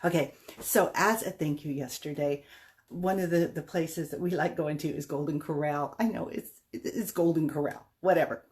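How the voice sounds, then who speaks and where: A woman's voice: low voice, steady tone, normal speed, a little mellow. A middle-aged woman vlogging, telling a personal story in a chatty, rambling, self-deprecating way. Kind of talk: casual storytelling monologue.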